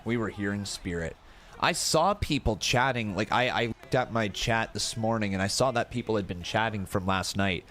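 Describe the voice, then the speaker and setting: A man's voice: fairly low pitch, moderate pace. A young man hosting a live watch-along stream, chatting to his viewers and often breaking into laughter. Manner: excitable, laughs a lot, talks to chat as "guys" and "bro". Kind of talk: casual live-stream commentary.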